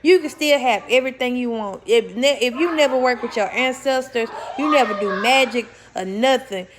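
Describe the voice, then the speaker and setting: A woman's voice: a little high, normal speed, background noise. Blunt, swearing young woman vlogger. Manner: blunt, swears freely, repeats words for emphasis; laughs while talking, self-correcting. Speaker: spiritual vlogger. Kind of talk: casual spiritual talk to camera.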